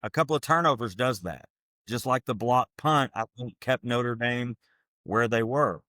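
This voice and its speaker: A man's voice: medium pitch, normal speed, bright, forceful tone, dry recording, clean studio sound. A man, a former football coach co-hosting a podcast, breaking down defense in an earnest, emphatic, coach-like way. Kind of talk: casual football analysis chat.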